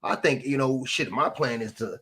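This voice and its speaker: A man's voice: medium pitch, normal speed, pushed and bright, husky. A man, ranting casually into a phone, rambling and profane with repeated rhetorical questions. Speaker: commentator. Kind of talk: casual political rant.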